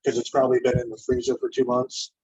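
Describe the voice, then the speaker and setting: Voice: medium pitch, completely flat delivery, fast talker, dark tone, slightly rough, highs cut off. A home cook on a video call chatting in a matter-of-fact way with dry humor. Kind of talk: casual chat.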